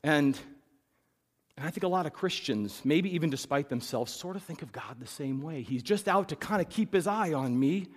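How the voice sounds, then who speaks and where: A middle-aged man preaches a sermon in a somewhat high voice. He surges to loud, insistent peaks and then falls back to a quiet, reflective tone. His voice rings with the long reverb of a large church hall. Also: lively intonation, normal speed. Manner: rising to loud emphatic peaks, then dropping to soft reflection. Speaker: pastor. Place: church sanctuary.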